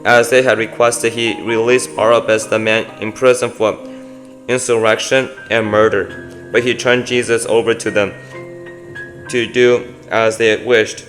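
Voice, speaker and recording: A man's voice: mid-range voice, flat delivery, measured pace, fairly bright tone, soft background music. A man giving a devotional scripture reading aloud, often stumbling and correcting himself mid-line. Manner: reads aloud with frequent slips and self-corrections. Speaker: Bible reader.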